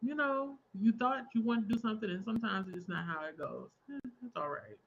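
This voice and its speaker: A woman's voice: fairly high pitch, animated, fairly quick, a little hiss or hum. Talkative young woman, livestream host, easygoing chat between stitches, dull lo-fi mic. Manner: chatty, laughs often, reads out viewer comments. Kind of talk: casual chat while crafting.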